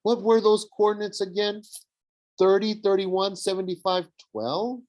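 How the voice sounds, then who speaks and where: A man's voice: sits high, a little slow, a little mellow, pitched above the performer's own voice, rough recording. A man voicing a smug, sneering young villain who mocks and tempts. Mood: mocking. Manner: sneering, mocking. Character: smug young male villain, mocking and persuasive.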